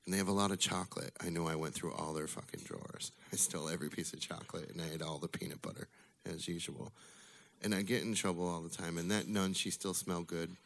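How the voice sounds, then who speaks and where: Storyteller: man, low voice with a creaky grit, casual and wry, swears freely, live bar story night. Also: steady tone, fast talker, a bit bright. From Illinois. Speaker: storyteller at a bar open mic.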